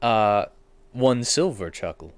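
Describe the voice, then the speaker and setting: A man narrating as game master of a comedic tabletop game, playful and animated. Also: fairly low pitch, takes it slowly, dry recording, soft background music.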